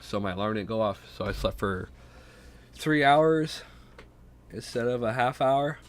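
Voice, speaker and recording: A young man, sick and congested, hosts his own podcast alone. He rambles in a loose, self-deprecating way and swears often. His pitch sits in the middle range for a man. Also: lively intonation, a little slow. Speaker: podcast host. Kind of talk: casual solo podcast talk.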